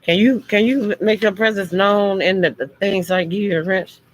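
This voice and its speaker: A woman's voice: medium pitch, normal speed, low-quality recording. A woman hosting a casual livestream chat. She talks to her viewers in a harsh, blunt way, though she means no harm. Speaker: livestream host.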